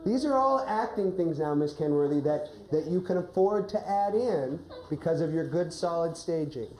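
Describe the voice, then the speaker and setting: Low-voiced woman coaching with "right?" tags. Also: animated, moderate pace, a little mellow, reverberant, rough recording. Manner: ends phrases with a rising "right?". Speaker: drama teaching coach. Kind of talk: coaching a teacher during a classroom demonstration. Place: classroom.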